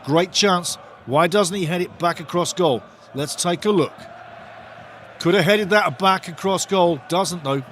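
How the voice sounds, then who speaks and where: A man hosting a live football watch-along, giving partisan, excitable commentary and chatting to his viewers. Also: high-pitched, unhurried, slight background noise.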